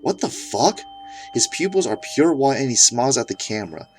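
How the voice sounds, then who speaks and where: A man's voice: medium pitch, very animated, a little fast, a little mellow, faint music behind. A man narrating an absurd comedic horror story in a mock-serious tone.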